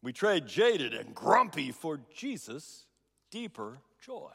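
A man's voice: fairly high pitch, big pitch swings, slow, vocal fry, sharp tone, slightly rough. A middle-aged man preaching a sermon, telling stories with restarts and emphatic repeats. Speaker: pastor. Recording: long reverb of a large hall.

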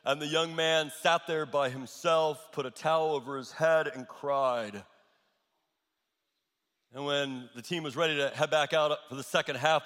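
A man's voice: a little high, fairly bright tone, big-room sound. A male pastor preaching a sermon, repeating his key lines for emphasis.

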